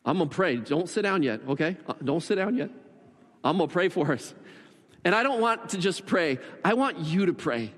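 A man with a high voice leads a congregation through an earnest altar call. He prays slowly and pleadingly, and his words ring out with a long echo through a large church auditorium. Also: lively intonation, fairly bright tone. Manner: earnest, pleading, slows down in prayer. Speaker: pastor. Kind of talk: sermon altar call and prayer. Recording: long hall reverb.

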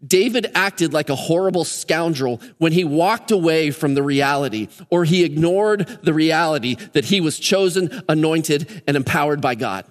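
An earnest male pastor preaching in a church sanctuary, his voice a little higher than most men's. He drives his points home by repeating words in threes. The sound carries a long reverb from the hall. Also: normal speed, few pauses. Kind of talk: sermon. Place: church sanctuary during a service.

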